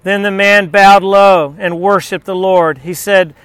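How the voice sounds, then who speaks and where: A man's voice: high-pitched, steady tone, unhurried, hardly any pauses, a bit bright, clean tone, no echo. A man preaching a sermon, telling stories and asking the audience questions. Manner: storytelling, asks the audience questions.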